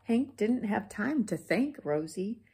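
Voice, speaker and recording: A woman reading a children's picture book aloud, expressive and pointing out the pictures. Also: mid-range voice, slow pace, creaky, breathy edge. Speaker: storybook reader.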